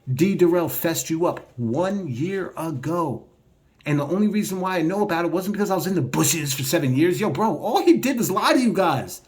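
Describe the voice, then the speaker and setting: A man ranting in a response video, combative and profane, speaking straight to his viewers. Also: fairly high pitch. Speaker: online commentator. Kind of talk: heated response video rant.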